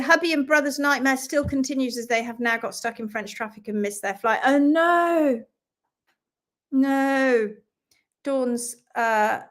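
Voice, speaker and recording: A woman hosting a live stream, chatting casually as she greets viewers and reads out their comments. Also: high voice. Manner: lively and talkative, with quick asides. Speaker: host of a live stream on hoof care.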